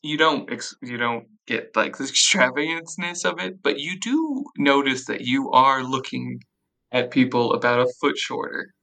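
Gravelly-voiced, bright game master. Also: mid-range voice, moderate pace, poor audio. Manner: rambling, loose narration. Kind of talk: narrating a tabletop game.

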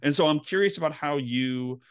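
A man's voice: fairly high pitch, normal speed, clear, resonant tone. Male podcast host asking questions. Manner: summarizes and asks long rambling questions. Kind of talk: conversational interview.

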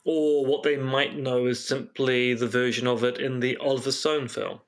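A man's voice: mid-range voice, little pitch movement, normal speed. A man co-hosting a podcast in casual chat, making dry, wry asides. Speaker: podcast co-host.

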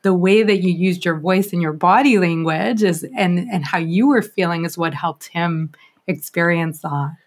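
Low-voiced woman podcast host. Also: normal speed. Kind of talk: casual interview talk.

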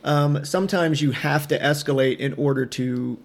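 A man's voice: a little high, moderate pace, vocal fry. A man hosting a casual podcast, rambling with many restarts and crude jokes.

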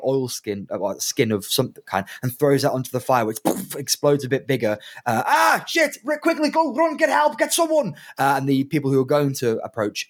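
A man's voice: mid-range voice, no echo, studio quality. A man narrating as game master, rambling with lots of fillers and restarts.

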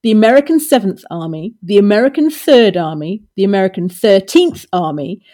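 Woman co-host, middle pitch, lively chatty delivery, reads archive pieces aloud. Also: fairly quick. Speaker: podcast co-host. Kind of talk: conversational history podcast, reading archive articles aloud.

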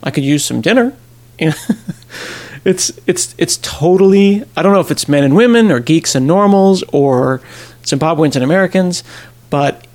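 A middle-aged man, a podcast host, telling a personal story in a casual, animated way and acting out the people he quotes. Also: on the high side, normal speed. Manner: animated, acts out quoted voices, laughs at himself.

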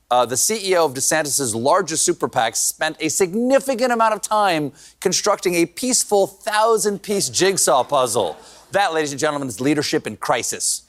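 A man's voice: a little high, a bit bright, a little hiss or hum. A man hosting a late-night comedy monologue with a punchy joke delivery, often laughing at his own lines.

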